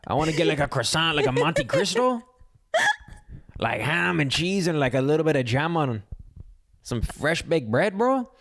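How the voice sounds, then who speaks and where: A man voicing a goofy young guy who brags like a bro about pastries in Paris, in a breezy, slangy, drawn-out way. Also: fairly high pitch, sing-song, fairly bright tone, voice pushed up.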